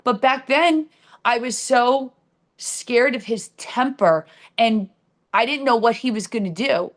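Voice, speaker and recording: Candid New Jersey woman telling her story. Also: medium pitch. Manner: candid, conversational, many fillers and restarts. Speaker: show host. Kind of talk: personal storytelling on a live stream.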